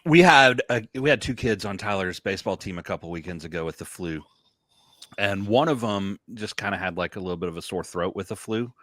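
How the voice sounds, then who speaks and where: A middle-aged man, co-hosting a podcast in relaxed, chatty conversation. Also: sits low, fairly quick, no echo, studio quality. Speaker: podcast co-host. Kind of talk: casual chat.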